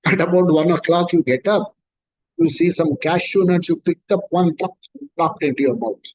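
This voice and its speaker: High-voiced Indian man teaching scripture. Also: a little mellow, poor audio. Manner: conversational, mixing Sanskrit verses with everyday examples; chants Sanskrit verses slowly. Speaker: spiritual teacher. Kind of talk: scripture class talk.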